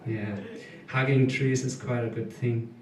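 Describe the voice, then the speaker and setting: A German-accented man in his thirties performs stand-up in a small live venue, speaking very slowly with a halting, deadpan delivery. He sounds somewhat distant from the mic, and the room adds a noticeable echo. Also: medium pitch. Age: 30s. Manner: hesitant, deadpan, halting with many ums. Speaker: stand-up comedian. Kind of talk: stand-up comedy set.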